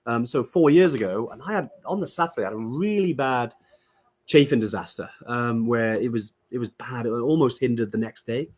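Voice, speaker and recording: A man's voice: medium pitch, fairly quick, darkish tone. A man from Wales co-hosting a casual live-stream chat, talking chattily with many fillers and restarts. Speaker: podcast co-host.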